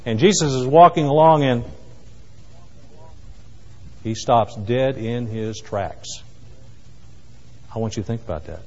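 A man's voice: mid-range voice, slow pace, pauses often. Man preaching in a big echoing hall. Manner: dramatic swings from loud cries to hushed asides. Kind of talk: sermon. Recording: muffled, with long hall reverb.

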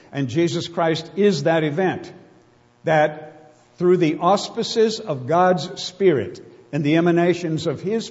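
A man's voice: a little high, darkish tone, highs cut off. Preacher man with a reverberant hall sound. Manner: emphatic, rhetorical questions, slow stresses on key words. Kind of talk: sermon.

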